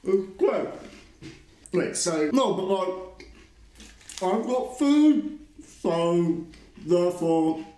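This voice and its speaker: A man's voice: sits high, lively intonation, drawn-out words, pauses often, warm tone, echoey room, full character voice. A man putting on a ditzy young woman. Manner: hesitant, filler-heavy valley-girl talk.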